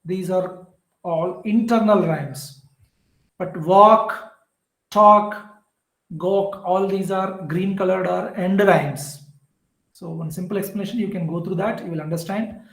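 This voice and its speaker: A man with an Indian English accent giving a classroom lecture on poetry, explaining slowly and repeating example words. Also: high voice, a little mellow, roomy sound, poor audio.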